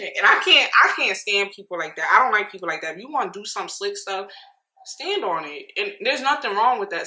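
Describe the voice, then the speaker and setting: Bright, forceful woman, animated opinionated recap, echoey room. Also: lowish voice. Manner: animated, opinionated, quick asides. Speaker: reality TV recap vlogger. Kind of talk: casual chat.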